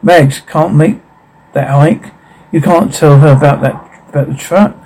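A man's voice: on the high side, measured pace, low-quality recording. An actor playing a protective father who gives his daughters firm, commanding orders in a horror film. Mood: urgent. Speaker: father of the family. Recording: film soundtrack with steady background noise.

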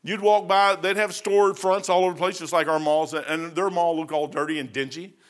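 A man's voice: on the high side, steady tone, moderate pace. A middle-aged man preaching a sermon, folksy and blunt, telling stories between scripture. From United States. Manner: folksy, blunt, conversational, many fillers and asides.

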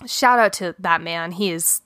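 A woman's voice: fairly low pitch, a little slow, pushed and bright, dry recording, studio quality. A young woman hosting her own podcast, talking candidly and casually, full of fillers and self-deprecating laughs. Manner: chatty and candid, many fillers and "like"s. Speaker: podcast host. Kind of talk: casual solo podcast talk. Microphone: podcast microphone.

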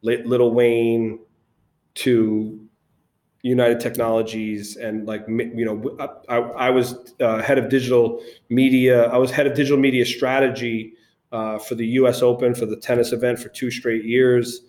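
A man, founder of an agency, telling animated stories as a guest in a casual interview, with frequent restarts. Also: medium pitch, normal speed.

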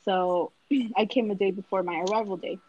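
A woman's voice: mid-range voice, moderate pace, no echo, dull audio. A nineteen-year-old woman, a college student, telling a story in casual chat with friends and acting out the people in it. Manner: animated, acts out the other voices in her story.

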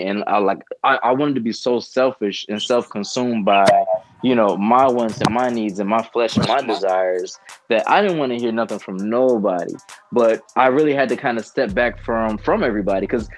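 A man's voice: fairly low pitch, moderate pace, soft background music. A man guesting on a podcast, telling a personal testimony in an earnest, rambling way.

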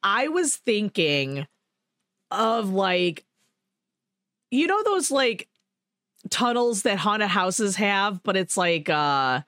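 A woman hosting a podcast, telling a rambling, animated story in casual chat, with swearing and laughter. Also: mid-range voice, dry recording, clean studio sound. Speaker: podcast host.

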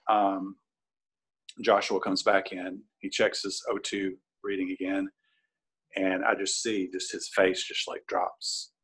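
A man's voice: fairly low pitch, slightly rough. A man casually recounting a personal story, rambling with plenty of fillers and restarts. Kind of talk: casual spoken recollection.

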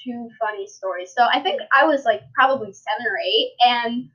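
A woman's voice: on the high side, normal speed, a bit bright, husky. A young woman hosting a casual podcast, telling rambling stories full of fillers and restarts. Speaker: podcast host. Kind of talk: casual chat. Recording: dull lo-fi sound.

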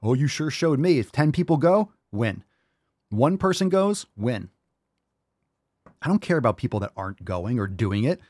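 A man's voice: medium pitch, big pitch swings, moderate pace, long pauses, a little mellow, dry recording. A man hosting a fitness podcast, ranting bluntly and preachily with plenty of swearing. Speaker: podcast host. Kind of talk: opinionated fitness podcast rant.

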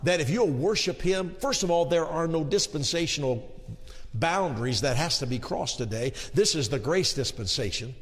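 High, lively preaching man in echoey church. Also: normal speed. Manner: emphatic, swings from shouting to hushed, calls on congregation. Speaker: pastor. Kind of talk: preaching sermon.

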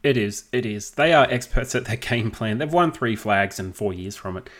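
A man with an Australian accent co-hosting a sports podcast, chatty and quick to laugh. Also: on the low side, lively intonation, fairly bright tone. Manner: chatty, laughs while talking. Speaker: podcast co-host. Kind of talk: casual sports chat.

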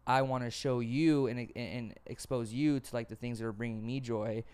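A man's voice: mid-range voice, fairly even intonation, normal speed, a little mellow, clean tone. Earnest, profane man telling stories. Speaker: podcast host. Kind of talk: casual podcast conversation.

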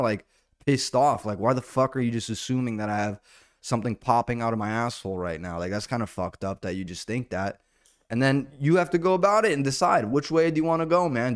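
Hosting a solo comedy podcast, a man rambles through a profane monologue, now and then breaking into loud, high-pitched bits.

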